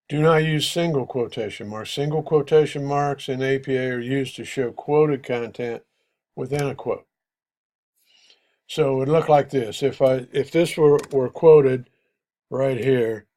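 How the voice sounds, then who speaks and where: A middle-aged male instructor giving a lecture on writing format, halting and explanatory with frequent fillers. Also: mid-range voice, darkish tone.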